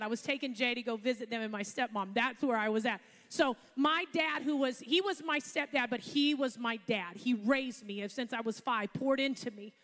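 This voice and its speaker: Woman pastor, higher voice, casual storytelling sermon, long hall reverb. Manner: chatty storytelling with laughs and asides.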